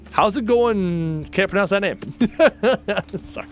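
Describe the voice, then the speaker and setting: A man's voice: sits high, slow, soft background music. A young man streaming a survival game live, chatting casually with viewers and joking as he plays. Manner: casual, joking, addresses chat as dude.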